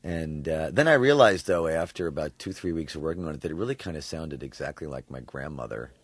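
A man from New York, a voice actor, answering interview questions in an animated way, laughing often and thinking aloud with fillers. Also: very deep voice, brisk, slightly rough, dry recording, studio quality. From New York, USA. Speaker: voice actor guest.

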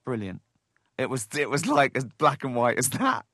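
A man's voice: medium pitch, sing-song, moderate pace, fairly bright tone, no room sound, studio quality. A man being interviewed about his comedy writing, telling wry, conversational anecdotes. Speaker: comedy creator, interview guest.

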